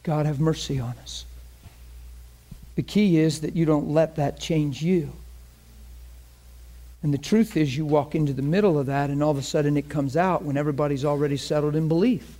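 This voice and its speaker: Guy preaching a sermon, kinda high voice, gets loud then drops real quiet. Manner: impassioned preaching, swings between loud and hushed. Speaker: pastor.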